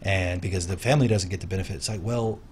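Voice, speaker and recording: A man's voice: low-pitched, fast, slight background noise. A man, an insurance consultant, guesting on a radio show in a studio, explaining with many hesitations. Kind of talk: casual radio interview.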